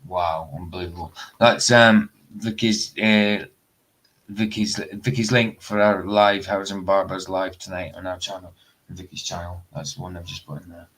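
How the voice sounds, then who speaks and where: Male streamer, casual and rambling, lowish voice. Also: fairly even intonation, moderate pace, fairly bright tone, low-quality recording. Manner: chatty, rambling asides to viewers. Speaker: livestream host. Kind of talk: casual live stream commentary.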